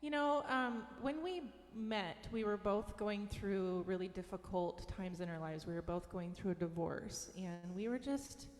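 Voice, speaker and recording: A woman's voice: mid-range voice, measured pace, few pauses, big-room sound. A woman from Washington state sharing her personal story as an interview guest, earnest and giggly. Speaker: guest, recovery music minister.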